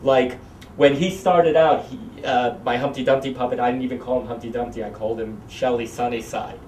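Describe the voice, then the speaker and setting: A man's voice: medium pitch, steady tone, fairly quick, darkish tone, echoey room, far from the mic, a little hiss or hum. A man puppeteer in an interview, rambling through stories and acting out voices as he tells them. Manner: rambling, acts out voices in anecdotes.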